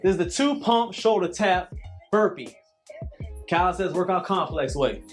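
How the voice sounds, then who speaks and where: High-voiced preachy workout coach man. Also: lively intonation, moderate pace, faint music behind. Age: late 30s. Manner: preachy, repetitive motivational cues. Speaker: calisthenics coach.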